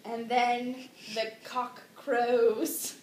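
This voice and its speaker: Woman, high voice, rambling giggly storyteller; echoey room, faint hiss. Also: little pitch movement. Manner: rambling, giggly, slow, with dramatic outbursts. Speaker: drunk storyteller. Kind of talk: tipsy comic retelling of a classic play.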